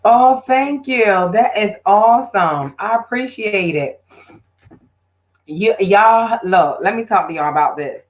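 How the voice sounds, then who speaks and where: A woman's voice: mid-range voice, slow, highs cut off. A woman hosting her own live stream, chatting casually and directly with her viewers. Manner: chatty, talks straight to viewers.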